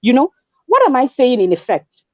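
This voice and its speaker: A woman in her twenties with a Nigerian accent, telling her story in an animated way as a guest, acting out dialogue and mixing in pidgin. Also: high-pitched, normal speed, no room sound, muffled recording. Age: 20s. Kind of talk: conversational testimony.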